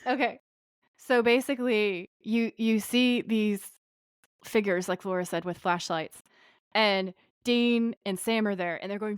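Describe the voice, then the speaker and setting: This woman's voice is on the high side, clear and resonant, at a normal speed, in a clean studio recording with no room sound. Co-hosting a podcast, she chats casually through an episode recap and acts out characters' lines in voices.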